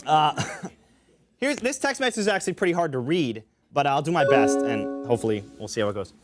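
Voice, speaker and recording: A young man with a high voice hosts a college comedy show, reading out gag texts and joking with the room. He talks casually with plenty of fillers. Music plays clearly behind him. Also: lively intonation, brisk. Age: young adult. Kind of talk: stand-up style show hosting. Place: college studio with audience.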